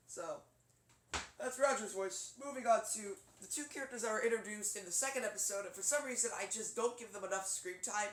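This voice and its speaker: A man's voice: sits high, animated, a little fast, a bit bright. Young guy rambling about his cartoon voices, chatty, echoey room. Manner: rambling, chatty, laughs easily. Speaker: voice actor vlogger. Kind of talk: casual talk showing character voices.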